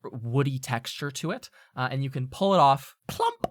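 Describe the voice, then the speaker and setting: A man's voice: medium pitch, lively intonation, normal speed, no room sound, studio quality. A man narrating as game master of a tabletop game, casual and loose with many fillers and restarts.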